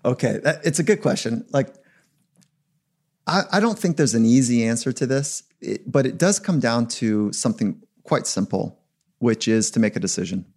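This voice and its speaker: Reflective man, mid-pitched voice. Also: expressive, normal speed, darkish tone. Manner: reflective, emphatic. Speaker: performance psychologist guest. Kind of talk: podcast interview.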